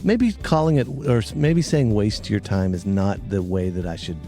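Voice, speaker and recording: A man's voice: fairly low pitch, big pitch swings, moderate pace, warm tone, soft background music. A man hosting a podcast from his basement, chatting casually, rambling and laughing often. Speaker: podcast host. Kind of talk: casual chat. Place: home basement.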